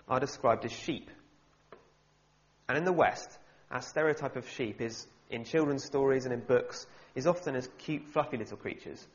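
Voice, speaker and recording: A young man preaching a sermon, humorous and animated, with wry asides. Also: medium pitch. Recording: slightly dull, muffled sound.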